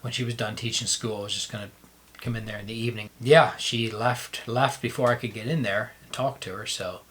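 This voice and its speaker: A man casually telling how he met his wife, halting and restarting as he talks. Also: fairly low pitch, fairly even intonation, fairly bright tone. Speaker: vlogger telling their love story.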